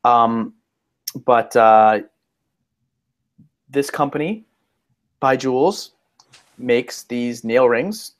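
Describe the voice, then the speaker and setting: A man co-hosting a casual podcast, who talks in a hesitant, halting way, restarting his sentences. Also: medium pitch. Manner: hesitant, many fillers and restarts. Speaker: podcast co-host, lawyer.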